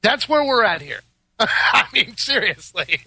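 Bright, dry-sounding sarcastic male host. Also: sits high, big pitch swings, unhurried, breathy edge, no room sound. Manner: laughing, storytelling, sarcastic asides. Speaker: podcast host. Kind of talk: casual chat.

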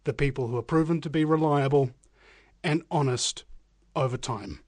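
A man's voice: medium pitch, husky, dry recording. A man hosting a live talk radio show, speaking energetically and emphatically straight to his listeners. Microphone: studio microphone.

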